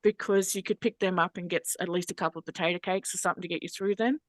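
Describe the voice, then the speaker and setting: An Australian woman, a hypnosis trainer, telling her personal story as a podcast guest in a frank, earthy, animated way. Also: lowish voice, racing, dry recording.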